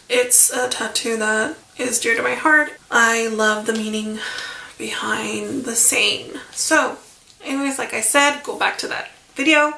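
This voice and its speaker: Brief: higher-pitched woman vlogger, rambling casual storytime, echoey room. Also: gravelly, pushed and bright. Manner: rambling, chatty, many fillers and asides. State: emotional, near tears.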